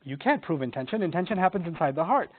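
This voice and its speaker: A man gives an energetic lesson on scripture and throws himself into the quotes he acts out. His voice sits high for a man. The sound is thin and tinny, like a phone line. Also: fast talker. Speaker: Quran teacher. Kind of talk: animated lecture on scripture.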